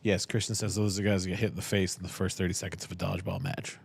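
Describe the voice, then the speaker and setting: A man's voice: low voice, little pitch movement, very fast, vocal fry, breathy edge. A man hosting a casual live-stream chat, tossing in dry jokes and reading viewer comments. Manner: dry joking interjections, reads chat comments.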